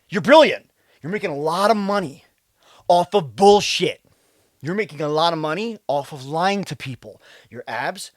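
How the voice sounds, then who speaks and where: A man, a fitness coach, talking to camera in a swearing rant that swings from loud outbursts down to low muttering. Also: dry recording, clean studio sound. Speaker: fitness coach and video creator. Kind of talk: profane ranting monologue to camera.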